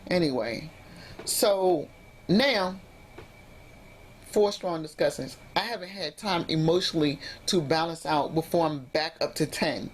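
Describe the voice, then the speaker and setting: A woman vlogger telling a personal story in an animated, emphatic way, acting out what people said. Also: low-pitched, moderate pace, slight background noise. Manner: animated, emphatic retelling with acted-out quotes. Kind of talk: casual storytelling vlog.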